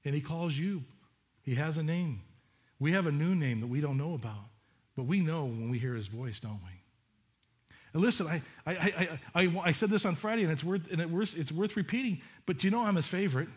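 Male pastor, slightly high voice, earnest conversational sermon with restarts. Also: lively intonation, a little fast. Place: church sanctuary.

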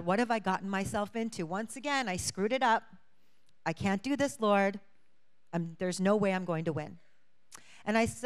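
A young woman from Hawaii speaks to a congregation in a clear, resonant voice at an ordinary pitch. She tells her story earnestly, often acting out the voices of the people she quotes. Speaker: church guest speaker, state lawmaker. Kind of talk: testimony talk to a congregation.

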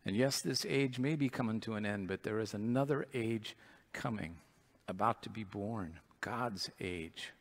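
Pastor preaching a story-driven sermon. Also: male voice, lowish voice, a little slow. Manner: storytelling, earnest. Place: church.

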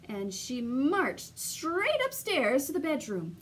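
A woman reading a children's story aloud in a slow, sing-song, expressive way, doing the voices. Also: sits high. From Canada.

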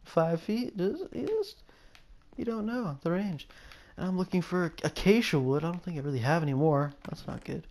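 A young gameplay video host with a high, expressive, slightly mellow voice speaks at a normal speed. His commentary is casual and rambling, full of musing aloud, and he frequently stops and restarts his sentences.

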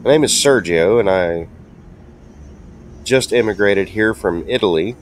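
A man's voice: on the low side, measured pace, a little hiss or hum, lightly acted. A man role-playing a rookie immigrant trucker in his own plain voice. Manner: plain, matter-of-fact self-introduction. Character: rookie male immigrant trucker, new on the job.

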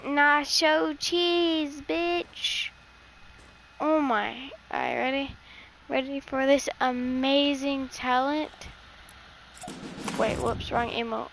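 A young woman chatting excitedly and swearing casually while playing a video game with a friend. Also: high-pitched, slow, gravelly, long pauses, a little hiss or hum, poor audio. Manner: excitable, swears and laughs often. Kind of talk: casual gameplay chat.

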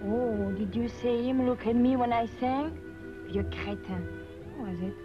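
A woman's voice: fairly high pitch, unhurried, over music, natural voice. An actress playing a homesick young French woman with a French accent, emotional and pleading in 1930s film acting. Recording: dull 1930s film soundtrack.

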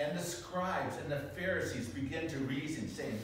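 A man teaching a Bible doctrine class as pastor, animated and full of rhetorical questions, often asking "right?". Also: medium pitch, normal speed, few pauses. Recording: echoey classroom from far off, noisy.

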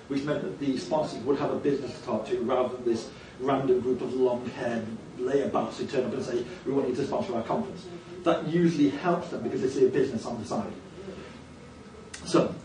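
Wry man giving a conference talk. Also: a little high. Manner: wry, self-deprecating humour. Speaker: conference organiser and speaker. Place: conference hall. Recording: echoey hall, distant mic, audience present.

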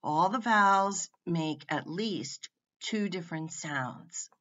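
A woman teaching a phonics lesson, sounding out words one at a time with clear emphasis. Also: on the low side, takes it slowly, fairly bright tone. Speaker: reading teacher. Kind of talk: slow, deliberate phonics lesson. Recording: muffled lo-fi recording.

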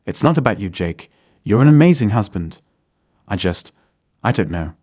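A man's voice: lowish voice, very animated, normal speed, a little mellow, breathy edge, no echo, studio quality. A man voicing a restless young wife who is earnestly and defensively arguing for an open marriage.

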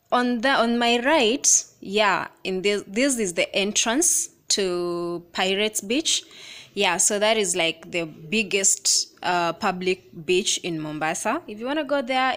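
A young Kenyan woman with a Kenyan accent, narrating a casual travel vlog from inside a moving minibus, excited and chatty, pointing out sights with the odd swear word. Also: mid-range voice. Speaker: vlogger.

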